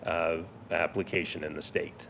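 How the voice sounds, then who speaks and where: A man's voice: low voice, little pitch movement, moderate pace, a bit bright. A man presenting to a school board, answering questions hesitantly with many fillers. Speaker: district finance staff presenter. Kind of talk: answering questions at a public meeting. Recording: dull lo-fi meeting audio with faint noise.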